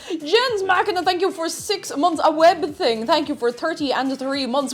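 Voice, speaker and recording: A young woman chatting on a live cooking stream, bubbly and sing-song as she greets her chat from a home kitchen. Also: high-pitched. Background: faint background music.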